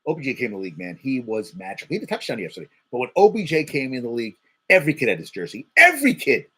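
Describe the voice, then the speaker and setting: A man's voice: medium pitch, big pitch swings, racing, a bit bright, slightly rough. A man hosting a casual sports talk show, rattling off stats, getting heated and swearing, repeating words for emphasis. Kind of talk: casual sports commentary monologue.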